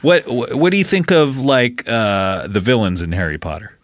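A man's voice: mid-range voice, moderate pace, no room sound. A man co-hosting a podcast, chatting in casual comedic banter, playful and teasing, laughing often. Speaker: podcast co-host.

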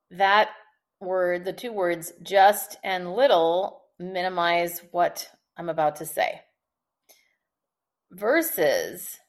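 A woman communication expert, a podcast guest, who explains tips in a lively, chatty way and laughs often. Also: fairly low pitch, takes it slowly. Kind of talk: conversational podcast interview.

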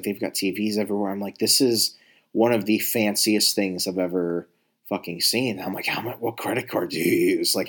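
A man telling a rambling, profane story in a casual monologue, exasperated and full of restarts. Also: low-pitched. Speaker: talker recounting travel stories.

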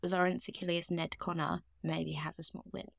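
A woman's voice: on the low side, little pitch movement, normal speed, creaky, dry recording, clean studio sound. A woman co-hosting a casual true-crime podcast, chatty and wry. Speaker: podcast co-host.

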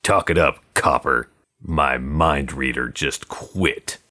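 A man's voice: a bass voice, slow pace, sharp tone, pitched below the performer's own voice, full character voice. A man voicing a hard, wary male gangster on the run, in clipped, guarded tough-guy talk. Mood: menacing. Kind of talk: audiobook character voice.

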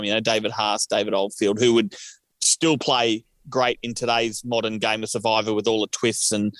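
Aussie bloke co-host, meanders a lot, dry close sound. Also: male voice, mid-range voice, fairly bright tone, no room sound. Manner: rambling, hedging with lots of "you know". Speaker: podcast co-host. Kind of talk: casual chat.

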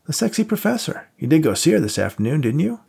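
A man's voice: fairly high pitch, sing-song, fast talker, vocal fry, a little mellow, husky, pitched above the performer's own voice, exaggerated voice. A man voicing a cocky, wisecracking male cop buddy in an audiobook, teasing and joking, raised above his own voice. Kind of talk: audiobook character voice.

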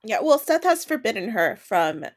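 A woman's voice: on the high side, very animated, moderate pace. A woman co-hosting a podcast, chiming in casually to fill in plot details about a book series. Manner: helpful, fills in forgotten plot details. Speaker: podcast co-host.

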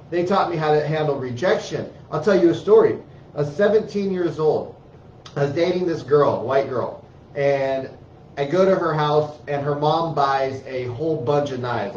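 A man with a high voice talks bluntly and emphatically, swearing freely as he gives casual motivational advice. He sounds set back from the mic in a roomy space, with a dull tone and faint ambience behind him. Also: a little mellow, distant mic, slight background noise. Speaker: speaker giving life advice to parents.

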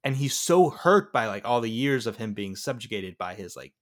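Guy gushing about a movie on a podcast, rambly, lots of likes, mid-pitch voice. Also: very animated, moderate pace. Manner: rambling, enthusiastic, many "like"s and restarts. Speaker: podcast co-host. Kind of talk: casual movie review chat.

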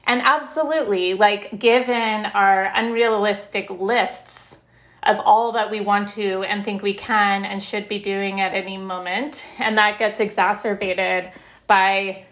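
A middle-aged woman who writes about happiness, talking as an interview guest. She is animated, tells stories with bits of laughter, and says "like" a lot. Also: medium pitch, unhurried. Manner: animated, laughs while telling stories, lots of "like". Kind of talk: conversational interview.

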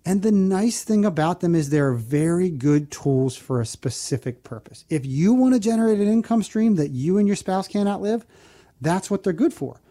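A man hosting a financial advice radio show, explaining things earnestly and slowly spelling out a phone number. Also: sits high, expressive, warm tone.

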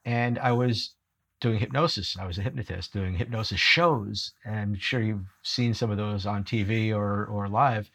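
A middle-aged man who coaches leaders tells stories in conversation with lively energy and laughs at his own jokes. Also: on the low side, moderate pace, vocal fry. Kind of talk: storytelling conversation.

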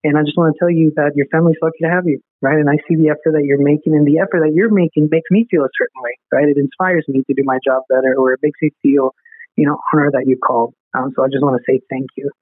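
A man's voice: a little high, fairly even intonation, no echo. A man, a podcast guest, telling a story in an earnest way and often checking in with "right?". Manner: earnest, fast, peppers sentences with "right?". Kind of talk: storytelling interview talk. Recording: tinny phone-like line.

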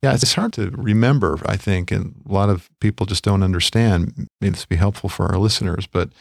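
A middle-aged man with a very low, gravelly voice speaks gently and deliberately, like a pastor sharing counsel. He is recorded close to the mic in a dry, dead room. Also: dry recording. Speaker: podcast co-host. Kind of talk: reflective Christian podcast conversation.

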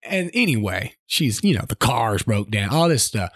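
Animated joking man, lively pitch. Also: moderate pace, no room sound, clean studio sound. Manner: jokey, mocking, puts on silly voices. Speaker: podcast co-host. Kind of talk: casual banter.

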